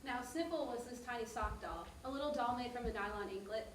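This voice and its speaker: A woman's fairly high, fairly quick, natural-sounding voice carries this stage monologue, where she plays a mother narrating a family trip to her daughter with warmth and detail. The theater stage sounds echoey and distant, with a little hiss or hum.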